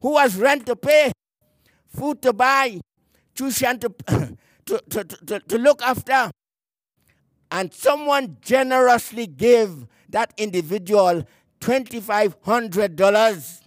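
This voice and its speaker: A man preaching a sermon in a strikingly high voice, recorded dry and close. He is emphatic, lingers on the words he wants stressed, and sometimes repeats a word as he reaches for the next one. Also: no echo. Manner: emphatic, slowing to stress key words, repeats words mid-phrase; reads scripture aloud in archaic phrasing.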